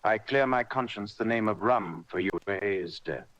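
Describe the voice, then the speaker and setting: A man voicing a stern doctor who scolds his patient in crisp, firm sentences. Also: lowish voice, moderate pace, fairly bright tone, no echo, highs cut off, lightly acted. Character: stern middle-aged country doctor. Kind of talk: audiobook character reading.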